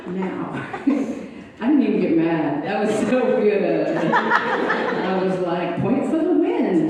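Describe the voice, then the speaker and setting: A woman's voice: mid-range voice, very noisy. A woman doing a stand-up comedy set on a club stage, telling self-mocking stories in a chatty way. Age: 60s. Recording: echoey club hall, mic from far off.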